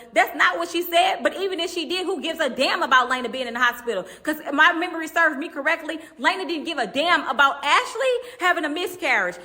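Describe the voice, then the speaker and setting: A woman's voice: high voice, sharp tone. A woman hosting a commentary channel, ranting in a blunt, profane, sassy way. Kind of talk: drama commentary rant.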